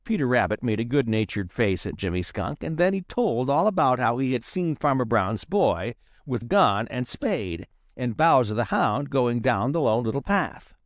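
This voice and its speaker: A man narrating a children's storybook in a lively, expressive reading style. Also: medium pitch, normal speed, few pauses, no echo, clean studio sound. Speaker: audiobook narrator.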